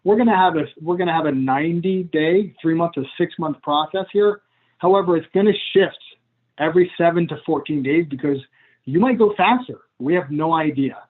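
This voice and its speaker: A man teaching coaching skills on a video call in a casual, chatty way, acting out client conversations. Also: on the high side. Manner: casual, chatty, laughs at himself, acts out client dialogue. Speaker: coach trainer. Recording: tinny phone-like call audio.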